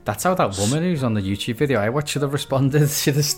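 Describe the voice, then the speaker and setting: A man's voice: mid-range voice, lively intonation, fast talker, a little mellow, soft background music. A man chatting casually as a podcast co-host, rambling with many hesitations. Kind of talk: casual chat.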